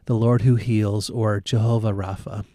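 A man's voice: lowish voice, level tone, normal speed, dark tone, no echo, studio quality. A man teaching from the Bible in a casual conversation. He retells the stories and acts out the quotes, with many fillers. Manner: storytelling with acted-out quotes, frequent fillers.

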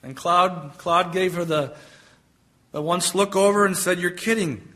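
Male preacher, high voice, emphatic delivery with drawn-out contrasts. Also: bright, forceful tone. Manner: emphatic, stretches key phrases. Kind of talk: sermon with storytelling.

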